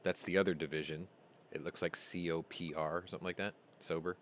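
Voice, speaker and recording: Man, host, casual chat, rambling storyteller, lowish voice. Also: level tone, fairly quick, slight background noise. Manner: rambling storyteller, retells dialogue.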